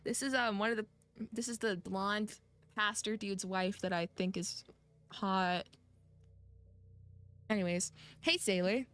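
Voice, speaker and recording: Brief: playful young woman streamer, mid pitch, laughs often, faint game music behind. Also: steady tone, measured pace, pauses often, fairly bright tone, clear, resonant tone. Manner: giggly, playful. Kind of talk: casual let's-play commentary.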